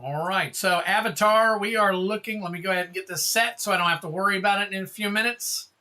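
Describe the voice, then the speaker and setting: A high-voiced man talks fast in a bright, forceful tone while hosting a card-opening livestream. His chat rambles and jokes along as he calls out each card he opens.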